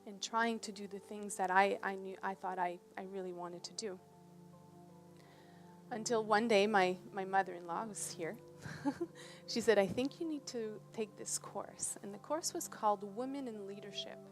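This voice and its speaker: A woman's voice: mid-range voice, normal speed, soft background music. Woman telling a personal story to an audience. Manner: conversational, often checks in with "right?". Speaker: presenter. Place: presentation on a cruise ship.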